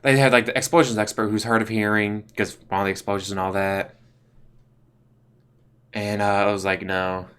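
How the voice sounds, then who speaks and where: A man's voice: fairly low pitch, little pitch movement, moderate pace, pauses often, fairly bright tone, smooth. A young man, casually reviewing TV shows in a rambling way, full of fillers and restarts. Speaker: YouTube host.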